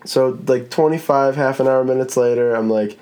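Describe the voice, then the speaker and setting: A man's voice: medium pitch, moderate pace, warm tone. A man hosting a casual podcast chat, rambling in a laid-back way and swearing now and then. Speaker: podcast host.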